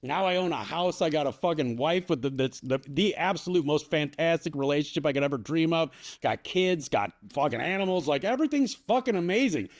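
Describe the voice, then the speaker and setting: A man co-hosting a podcast, talking in an emphatic, excitable way and swearing freely. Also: on the high side, a little fast, few pauses. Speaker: podcast co-host and content creator. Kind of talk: casual podcast conversation.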